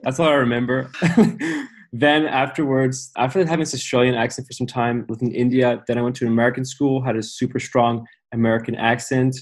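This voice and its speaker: A man's voice: mid-range voice, fairly even intonation, fairly quick. A young man with a slight, mixed international English accent, chatting upbeat and easy as an interview guest. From born in Amsterdam, raised abroad. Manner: upbeat, chatty, laughs easily. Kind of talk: casual interview chat.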